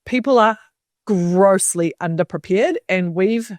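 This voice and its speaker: A woman, her voice in a middle range, pressing her points firmly in relaxed podcast talk. The sound is dry and close. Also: medium pitch, unhurried, dry recording. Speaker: podcast co-host. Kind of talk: casual chat.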